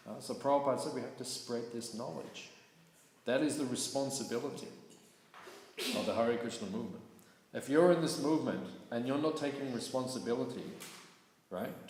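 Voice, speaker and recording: A man teaching a scripture class in a relaxed, conversational way, often checking in with his listeners. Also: mid-range voice. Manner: conversational, keeps asking "right?". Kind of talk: casual scripture class talk. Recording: echoey hall with faint noise.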